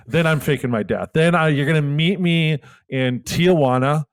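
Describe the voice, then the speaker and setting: A man's voice: fairly high pitch, normal speed, few pauses, clean tone. Laughing man rambling through comic banter. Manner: rambling, joking, laughs often. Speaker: podcast co-host. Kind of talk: casual comedic banter.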